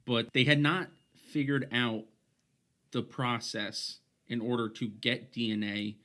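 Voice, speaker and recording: A man's voice: medium pitch, flat delivery, takes it slowly, sharp tone. A man co-hosting a casual podcast, rambling through his points with many restarts and fillers. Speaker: podcast co-host.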